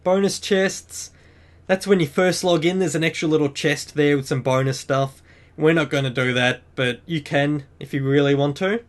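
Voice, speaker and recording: A man's voice: a little high, normal speed. Chatty man guiding a game tutorial. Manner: chatty, upbeat, explains step by step. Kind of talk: screen-recorded game walkthrough.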